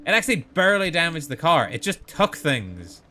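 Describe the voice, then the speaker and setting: A man's voice: fairly high pitch, sing-song, brisk, pushed and bright, faint music behind. A man streaming a video game live, chatting sarcastically and mocking himself with dramatic outbursts. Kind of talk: live gaming commentary.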